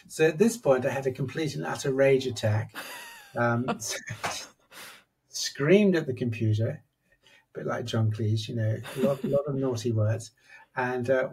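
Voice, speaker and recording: A man, a psychologist and author on compassion, telling a personal story as a podcast guest in an animated, conversational way. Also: medium pitch, slightly rough, distant mic.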